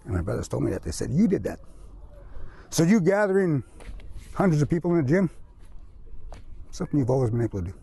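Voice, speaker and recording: A man's voice: fairly high pitch, big pitch swings, fast talker, gravelly, pauses often, warm tone, slight background noise. A middle-aged man giving a casual motivational talk, often tagging his sentences with "eh" and "you know". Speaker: speaker.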